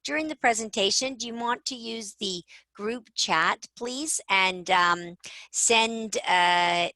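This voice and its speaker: Bright woman hosting a webinar. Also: medium pitch, no room sound. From Canada. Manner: chatty, conversational, lightly self-correcting. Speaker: webinar host. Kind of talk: introducing a guest on a video webinar. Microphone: video call.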